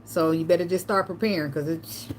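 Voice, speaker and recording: A woman vlogger telling loose, profane stories in a relaxed chat, laughing often. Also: fairly low pitch, fairly quick, a little hiss or hum. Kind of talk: casual livestream chat.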